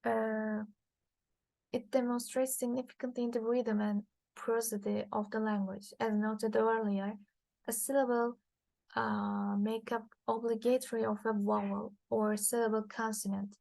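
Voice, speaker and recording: A woman whose first language is Turkish, reading a linguistics lecture from slides, halting with frequent fillers and restarts. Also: a little high, little pitch movement, creaky, darkish tone, no echo, low-quality recording.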